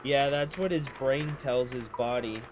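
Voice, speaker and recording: Slow, scornful woman heckling a stream. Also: a bass voice. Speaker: stream reactor. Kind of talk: mocking reaction commentary. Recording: music very loud behind the voice. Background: music.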